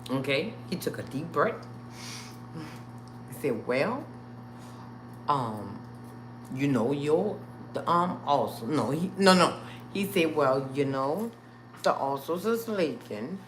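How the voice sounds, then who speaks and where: Lively woman telling a story. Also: sits low, takes it slowly, pauses often, noisy background. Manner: animated, addresses viewers as y'all, acts out quotes. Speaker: live-stream host. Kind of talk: casual storytelling to viewers.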